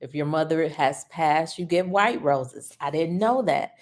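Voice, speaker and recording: Casting: low-voiced woman, tearful host on a live stream, unhurried delivery. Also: darkish tone. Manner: slow, emotional and personal, with frequent laughs. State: tearful, grieving. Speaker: host of a livestream. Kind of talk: casual livestream chat.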